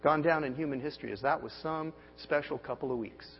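A man in his forties preaches with fervor, his fairly high voice leaping up and dropping low as he pushes rhetorical questions at the congregation. The recording is muffled, with a long reverb tail from a large hall and a faint hum underneath. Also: quick pace. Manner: emphatic preaching with sharp swings in pitch and volume, rhetorical questions. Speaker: pastor. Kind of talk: sermon.

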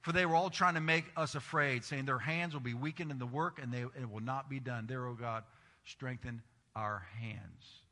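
The recording carries the long reverb of a large hall as a middle-aged pastor preaches. His mid-range voice is bright and forceful at a moderate pace, and he animatedly tells stories while acting out quoted voices.

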